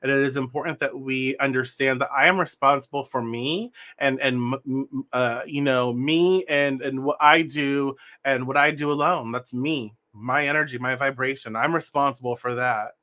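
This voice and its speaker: Bright-voiced man giving an earnest tarot reading. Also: mid-range voice, fairly even intonation, normal speed, few pauses. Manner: earnest, meandering, self-correcting; talks with his hands. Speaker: tarot reader.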